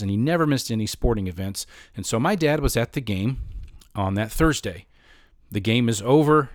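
A man telling a personal anecdote about his past in a relaxed, conversational way, with frequent fillers. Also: fairly low pitch, no echo, clean studio sound. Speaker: storyteller.

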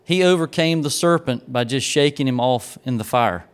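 A man's voice: medium pitch, normal speed, clear, resonant tone. A man preaching a sermon, telling a folksy personal story before turning to the lesson. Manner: folksy storyteller, grows excited and laughing in the funny parts.

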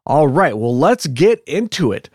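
Reading out the show's announcements before settling into loose chat with his partner, a male podcast co-host speaks in a fairly high, sing-song voice that's a little mellow with a breathy edge. He keeps a measured pace, and the studio-quality audio has no echo.

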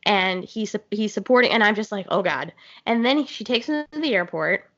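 A woman's voice: medium pitch, expressive, a little fast, a bit bright. A woman in casual movie talk, blunt, profane and enthusiastic as she gushes over scenes. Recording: dull lo-fi sound.

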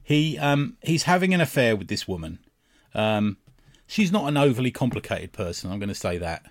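A man co-hosts a relaxed podcast conversation, laughing often as he recounts scenes from a comic. His voice sits at an ordinary middle pitch. It is recorded close and dry with no room sound. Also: no room sound. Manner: laughs often, retells scenes with quick quoted lines. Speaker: podcast co-host. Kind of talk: casual chat about a comic book.

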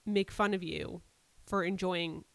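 A woman's voice: fairly low pitch, fairly even intonation, unhurried, creaky, no echo. Young adult woman, podcast co-host, casual, giggly, swears offhand, dry close sound. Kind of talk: casual chat.

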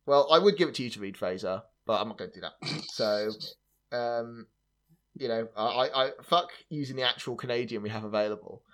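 A man's voice: medium pitch, a little fast, a bit bright. A man hosting a podcast, chatting casually about film trivia in a wry, sarcastic way, with plenty of fillers and laughter. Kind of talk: casual chat.

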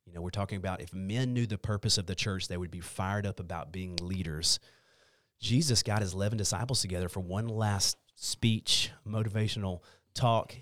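Deep-voiced earnest male podcast guest. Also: normal speed, a bit bright. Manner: earnest, emphatic about church mission. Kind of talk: casual conversation about faith.

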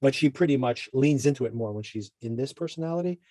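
Mellow, husky-voiced podcast host. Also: male voice, medium pitch, expressive, quick pace, dry recording. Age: adult parent. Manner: chatty, rambling with fillers and asides. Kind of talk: casual TV recap chat.

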